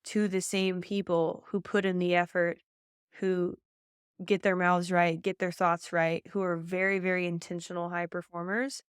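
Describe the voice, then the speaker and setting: A woman's voice: on the low side, smooth, no room sound, studio quality. A woman, a pageant coach hosting a podcast, talking in an emphatic, motivational way with lots of "like" and repeated phrases. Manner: fast, emphatic, faith-filled coaching with many "like"s and repeats.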